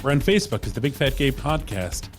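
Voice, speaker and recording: A man's voice: mid-range voice, very animated, fast, over music. Laid-back man plugging a podcast. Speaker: podcast co-host. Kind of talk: casual chat, reading show plugs.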